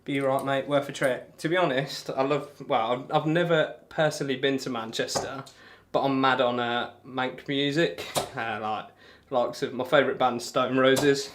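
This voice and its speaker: Bloke on a darts stream chatting away, rambly and friendly, mid-pitched voice. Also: male voice, steady tone, moderate pace, hardly any pauses, a little hiss or hum. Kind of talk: casual live-stream chat reading comments. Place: home room while throwing darts.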